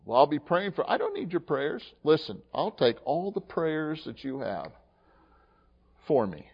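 A male pastor preaching a sermon in an animated way, swinging from hushed asides to emphatic, acted-out dialogue, recorded in a church sanctuary. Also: fairly high pitch, a little slow, vocal fry, slightly rough. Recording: dull lo-fi sound with long hall reverb.

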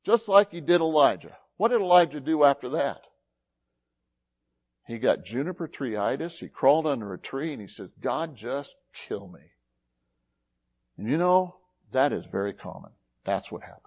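A man preaching a folksy sermon as pastor, with sudden rises and drops in loudness. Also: medium pitch, normal speed, pauses often, highs cut off. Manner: folksy, animated preaching with big swings in loudness.

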